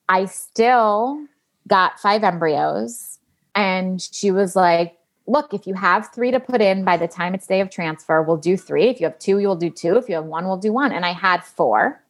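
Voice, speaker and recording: A woman's voice: mid-range voice, measured pace. A woman in her late thirties telling a candid personal story as a guest, animatedly acting out what others said and swearing casually. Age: late 30s. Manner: animated, acts out quoted dialogue, swears casually.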